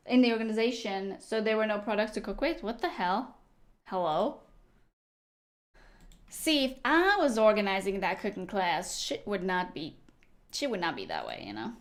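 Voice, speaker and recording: A young woman live-streaming a game, chatting casually and teasing her viewers as she answers them. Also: fairly high pitch. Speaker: livestreamer.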